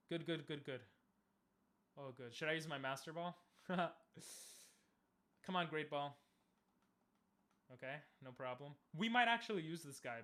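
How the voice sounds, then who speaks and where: A young man casually commenting on a game he is playing, chatting with viewers and bursting into loud cheers. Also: medium pitch. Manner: talks to chat, asks viewers questions. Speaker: streamer.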